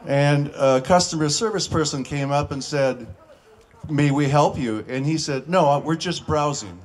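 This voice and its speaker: A man telling short stand-up jokes in a folksy way, with filler pauses and restarts. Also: a little high. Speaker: comedian.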